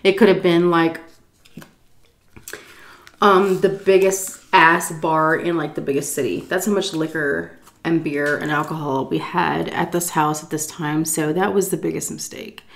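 A woman's voice: deep voice, fairly even intonation, a little slow. A woman vlogger telling a story while eating, tipsy from shots, rambling, swearing freely and laughing often. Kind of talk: casual storytime chat.

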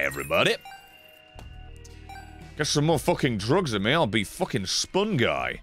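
A young man commentates his own gameplay, swearing freely and jumping between grumbles and excited yelps. His pitch swings widely as he talks. Faint game music plays underneath. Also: quick pace. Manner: sweary, excitable, laughs often. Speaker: streamer.

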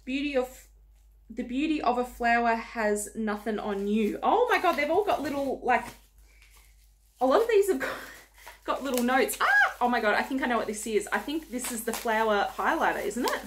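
A woman's voice: fairly high pitch, animated, moderate pace, a bit bright. A young woman unboxing gifts for her vlog, gushing, gasping and squealing with delight. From Australia. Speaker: beauty vlogger.

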